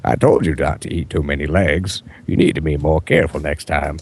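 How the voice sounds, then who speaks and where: A man doing a pony heroine speaking in a slow, deep, dignified older-man tone, grave and deliberate, with a husky edge. The voice sits low and rolls up and down as it lectures. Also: steady tone, full character voice. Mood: scolding.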